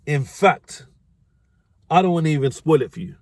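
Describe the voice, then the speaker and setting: A man's voice: fairly high pitch, expressive, moderate pace, creaky, a little mellow, no echo. Slangy man, dry close sound. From United Kingdom. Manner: rambling, slangy, often corrects himself. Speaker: dating advice vlogger. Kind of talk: casual storytelling monologue.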